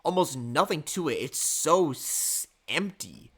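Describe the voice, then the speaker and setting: A man's voice: fairly high pitch, very animated, slow pace, fairly bright tone, husky. A man giving casual, rambling reaction commentary on an album, repeating himself and swearing freely. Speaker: album reviewer.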